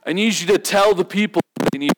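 A man's voice: high-pitched, fast, very noisy, close to an everyday voice. A man voicing God as a patient male deity explaining things plainly and casually, acted out in a sermon. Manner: casual, explanatory, matter-of-fact.

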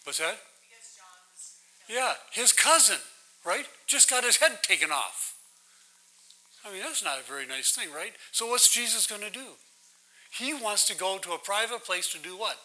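A man teaches scripture as a pastor, drawing his listeners in with questions and a steady stream of "right?". His voice sits high and sounds very bright. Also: moderate pace, pauses often, low-quality recording. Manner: conversational, keeps asking "right?". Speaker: pastor leading a Bible study. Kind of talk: interactive sermon with questions to the audience.

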